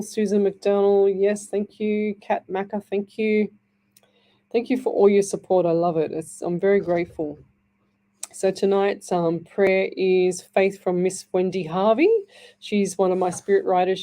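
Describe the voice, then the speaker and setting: An Australian woman hosting a community radio show as a psychic medium, gently thanking listeners and reading out a prayer. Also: medium pitch. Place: radio studio.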